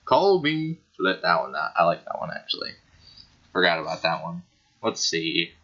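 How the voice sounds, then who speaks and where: A man's voice: deep voice, little pitch movement, moderate pace, pushed and bright. A man giving rambling, easily amused gaming commentary as a YouTuber, recorded on a computer microphone. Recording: dull lo-fi screen recording.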